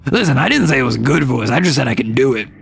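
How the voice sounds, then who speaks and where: Brief: young streamer, casual rambling chat at home, gravelly, animated pitch. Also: racing. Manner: rambling, lots of fillers and self-corrections. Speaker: livestreamer. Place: home room with roommates nearby.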